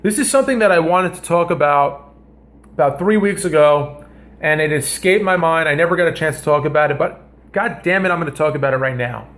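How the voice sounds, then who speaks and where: A man hosting a comedy vlog, telling a story in a rambling, animated way and often cutting himself off mid-sentence. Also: a little high, a little fast. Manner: rambling, animated, self-interrupting. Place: home kitchen.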